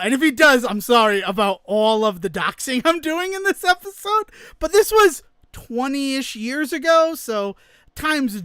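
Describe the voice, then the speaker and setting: A man with a very high voice tells a story in a relaxed podcast chat. He gets animated and acts out everyone's lines. The sound is dry and close. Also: smooth, no room sound. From New England, United States. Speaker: podcast co-host.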